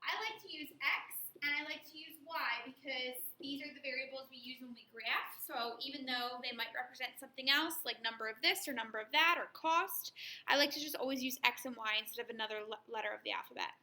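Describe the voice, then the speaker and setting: A woman walks through a math lesson step by step, patient and methodical. Her voice sits high and sounds very bright. The room around her gives an echoey ring. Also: a little fast. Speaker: math teacher. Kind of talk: recorded classroom lesson.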